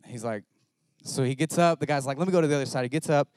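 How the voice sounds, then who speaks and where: A male pastor preaching a sermon, telling a story in an animated, self-mocking way. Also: medium pitch, fast, dry recording.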